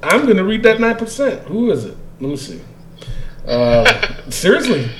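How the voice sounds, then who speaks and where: A man with a fairly high voice co-hosts a casual podcast, reading listener comments and laughing often. A faint hiss of noise sits under the recording. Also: very animated, normal speed. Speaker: podcast co-host.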